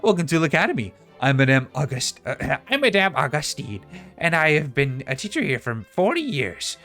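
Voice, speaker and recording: A man voicing an old woman teacher, gentle and wistful in manner. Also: on the high side, very animated, moderate pace, soft background music.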